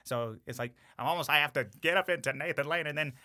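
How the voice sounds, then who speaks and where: Rich: A man with a very bright, forceful tone chats about voice work on a podcast, animated and loose, with plenty of fillers and quick asides. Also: a little high. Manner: animated, chatty, full of fillers. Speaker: voice actor guest. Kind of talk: casual podcast chat.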